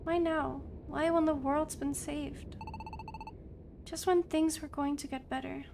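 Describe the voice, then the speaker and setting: A woman's voice: high-pitched, fairly even intonation, unhurried, vocal fry, noisy background. A woman reading game dialogue aloud, voicing a young, loyal partner creature who pleads in distress. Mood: grieving. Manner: pleading, upset questioning.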